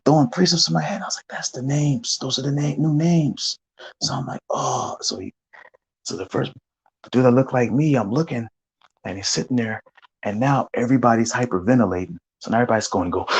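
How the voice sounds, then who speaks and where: A man animatedly recounting a spiritual vision as testimony, acting out gasps and shouts along the way. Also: on the low side, husky, low-quality recording.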